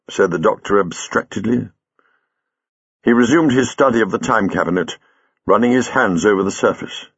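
A man reading a story aloud in a measured storytelling manner. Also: on the low side, vocal fry, a bit bright, breathy edge, no room sound, dull audio. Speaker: audiobook reader. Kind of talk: scripted narration.

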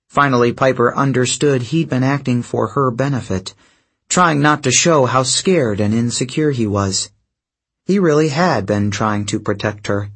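A man narrating an audiobook chapter in a steady, measured manner. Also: mid-range voice, breathy edge. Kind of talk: scripted narration.

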